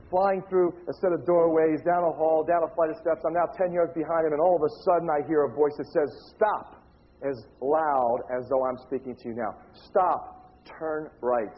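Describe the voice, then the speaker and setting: A man telling a story in a talk, acting out the people in it with animated, shifting delivery. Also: fairly quick, few pauses. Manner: animated, acts out dialogue with shifting pitch. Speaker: speaker giving a talk. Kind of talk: storytelling lecture. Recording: dull lo-fi recording.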